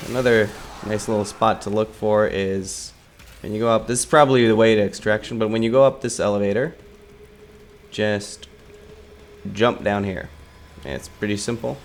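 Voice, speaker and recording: A man's voice: on the low side, slight background noise. A man giving loose, rambling gameplay commentary, swearing casually and joking at his own expense. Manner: self-mocking asides.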